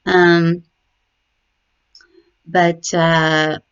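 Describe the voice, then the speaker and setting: A middle-aged woman remembering her late son, speaking haltingly and tenderly with many pauses and fillers. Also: lowish voice, flat delivery, clear, resonant tone. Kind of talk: personal memorial reflection. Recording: dull lo-fi recording.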